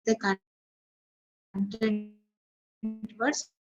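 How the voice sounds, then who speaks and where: A woman's voice: mid-range voice, little pitch movement, extremely slow, darkish tone, highs cut off. Woman teacher drilling stress patterns. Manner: explains step by step, repeating 'okay, so' and drilling example sentences aloud. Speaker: English teacher. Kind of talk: online class lecture.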